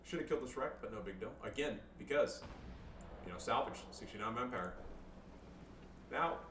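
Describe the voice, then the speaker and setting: A man giving casual, profane, excitable commentary over his own strategy game match, joking and swearing between calls. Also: medium pitch, moderate pace, roomy sound, distant mic, background noise. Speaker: gameplay commentator.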